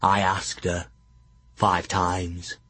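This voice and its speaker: A man's voice: low-pitched, monotone, extremely slow, pushed and bright, slightly rough, no echo, voice pushed down, exaggerated voice. A man voicing a simple-minded, hulking male fool with a cheerful manner.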